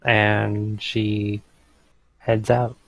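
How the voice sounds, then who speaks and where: A man taking part as a player in a tabletop role-playing game, talking slowly and hesitantly. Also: fairly low pitch, flat delivery, creaky, no room sound, low-quality recording.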